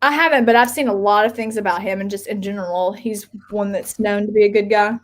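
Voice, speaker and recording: A woman's voice: mid-range voice, fairly even intonation, brisk. A woman from Kentucky co-hosting a live stream, chatting casually in a rambling way with lots of filler words.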